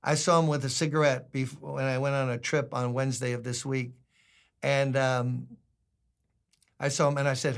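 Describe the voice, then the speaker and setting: A man's voice: medium pitch, fairly even intonation, normal speed, creaky. An older man preaching a sermon as a pastor, conversational and humorous, acting out quotes.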